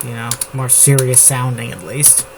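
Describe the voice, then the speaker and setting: A man writing a novel on camera, slowly reading his draft aloud and rambling about it with lots of fillers. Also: mid-range voice, gravelly. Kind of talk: writing session, thinking aloud. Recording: steady background noise with keyboard typing. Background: computer keyboard typing.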